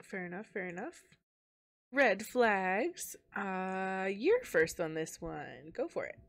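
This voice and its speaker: A woman's voice: mid-range voice, big pitch swings, slow pace, vocal fry, no room sound. A woman co-hosting a casual book podcast on a livestream, who laughs often, agrees readily and reads out viewer comments. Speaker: podcast co-host.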